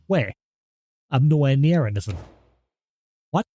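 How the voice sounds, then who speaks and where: Guy streaming a game live, chatty, baby-talking a cat, soft music in the background. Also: mid-range voice, animated, a little slow, dry recording. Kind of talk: live gameplay commentary.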